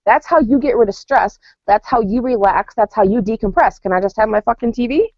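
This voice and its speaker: Animated woman chatting on a podcast. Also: on the high side, fairly quick, no echo. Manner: animated storytelling with acted-out quotes and laughter. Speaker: podcast co-host. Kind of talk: casual chat. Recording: dull lo-fi sound.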